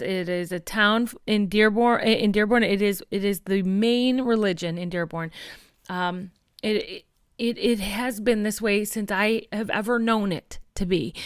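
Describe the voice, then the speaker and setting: Fired-up woman podcaster, clear resonant voice, dry close sound, calls listeners "friends". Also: medium pitch, dry recording. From Michigan. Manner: impassioned, gets worked up, addresses listeners as friends. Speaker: podcast host. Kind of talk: casual political commentary.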